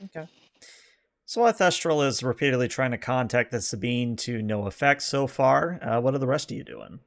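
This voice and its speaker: A man narrating as game master of a science fiction tabletop game, in a relaxed, explanatory way. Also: medium pitch, a little fast.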